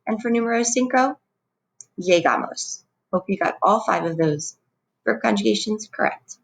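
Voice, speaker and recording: A woman teacher giving a recorded Spanish grammar lesson, explaining clearly and patiently and pronouncing Spanish verb forms. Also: mid-range voice, lively intonation, normal speed, rough recording.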